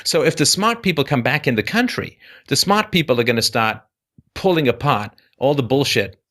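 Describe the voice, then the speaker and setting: Lively, animated male host. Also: medium pitch. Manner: animated, talks in quick bursts with mock voices. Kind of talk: conversational interview.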